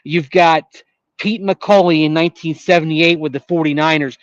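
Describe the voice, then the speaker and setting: A man co-hosting a sports radio show, explaining calmly and at length. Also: fairly high pitch, moderate pace, no room sound, highs cut off. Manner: calm, explanatory, with fillers and restarts. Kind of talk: measured sports talk analysis.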